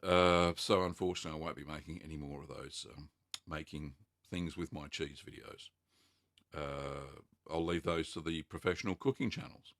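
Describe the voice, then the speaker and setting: A man with a low voice hosts a relaxed live-stream Q&A, answering viewer questions in an easygoing, rambling way with frequent ums and uhs. He sits close to the mic, and the sound is dry with no room echo. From Australia. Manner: chatty and unhurried, many ums and uhs.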